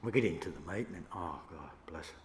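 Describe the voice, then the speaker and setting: An older Australian man, a First Nations elder, telling stories to an audience in a relaxed, yarning way with laughs between them. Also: deep voice, fast talker. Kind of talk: storytelling talk to an audience. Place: church hall. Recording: echoey hall, faint room noise.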